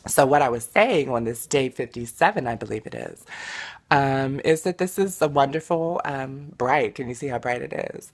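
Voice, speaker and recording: A woman's voice: a bass voice, lively intonation, moderate pace. A woman model vlogging casually, with a blunt, profane, irritated way of talking and a tickle in her throat. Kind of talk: casual daily vlog.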